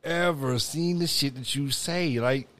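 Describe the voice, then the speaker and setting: A man with a Detroit accent co-hosting a podcast, reacting with short, drawn-out exclamations in casual chat. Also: medium pitch, fairly bright tone. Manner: reactive, short exclamations, slow drawled asides. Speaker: podcast co-host.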